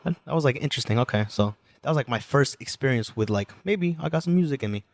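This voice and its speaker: Young male podcast guest, rapid slangy storyteller with a dry, close sound. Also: medium pitch, lively intonation, no room sound. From United States, New Jersey. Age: 20s. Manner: slangy, rambling, full of filler phrases. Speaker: guest musician.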